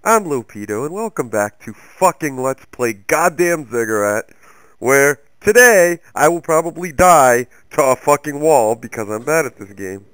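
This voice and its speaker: A man's voice: mid-range voice, lively intonation, unhurried, fairly bright tone, clear, resonant tone, no echo, rough recording. A young man hosting a let's play, giving angry, profane, rambling commentary while he plays. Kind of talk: profane gaming commentary rant.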